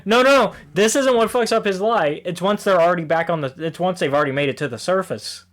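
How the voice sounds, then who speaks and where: A man co-hosting a casual podcast about comics, animated and quick to laugh, often acting out the characters' lines and swearing casually. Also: high voice. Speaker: podcast co-host.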